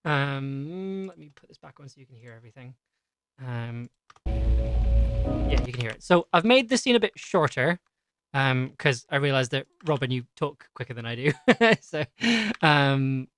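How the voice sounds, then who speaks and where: A woman's voice: very deep voice, animated, unhurried, no room sound, faint music behind. A woman hosting a live stream in a casual chat, talking through her editing steps aloud as she works on an audio drama.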